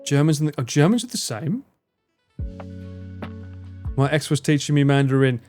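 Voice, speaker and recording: Streamer guy chatting w his chat, kinda high voice, swears a lot, bit of music playing low behind. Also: lively intonation, moderate pace, a little mellow. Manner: rambling, swears freely, laughs often. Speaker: livestreamer. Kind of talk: casual chat reading out and answering live chat.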